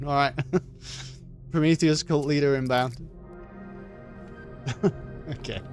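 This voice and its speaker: A man's voice: on the high side, steady tone, takes it slowly, long pauses, clear, resonant tone, soft background music. A man streaming a video game, joking and sarcastic as he comments, with swearing. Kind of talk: casual let's-play commentary.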